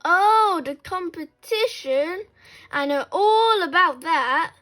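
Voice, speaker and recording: A woman's voice: very high-pitched, very animated, takes it slowly, bright, forceful tone, exaggerated voice. A woman reading a story aloud and voicing a cheeky, scheming schoolboy with a sly, cocky swagger.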